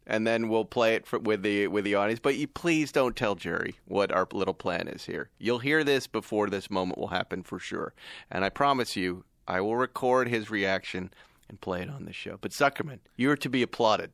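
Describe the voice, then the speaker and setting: A man hosting a casual podcast chat, telling stories and reading out details with lively energy. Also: lowish voice, brisk, no room sound, studio quality. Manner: animated storyteller, reads car specs aloud. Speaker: podcast host.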